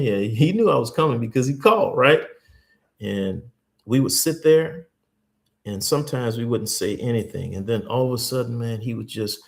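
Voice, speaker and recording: A host giving a teaching talk, repeating key points slowly and earnestly, with stories from church life. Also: male voice, medium pitch, lively intonation, creaky.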